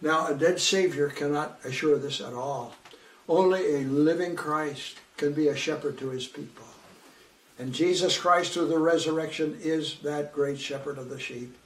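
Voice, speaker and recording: A man's voice: fairly high pitch, normal speed, reverberant, recorded from a distance. A male preacher giving a fervent, emphatic sermon, repeating phrases for weight.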